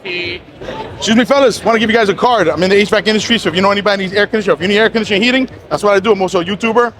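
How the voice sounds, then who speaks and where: A man who works as an HVAC contractor and YouTuber, chatting casually while networking on a trade show floor. He jokes around loudly and keeps up a hustling banter, recorded on a handheld camera. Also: high voice, racing, crowd noise. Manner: loud, playful, hustling banter.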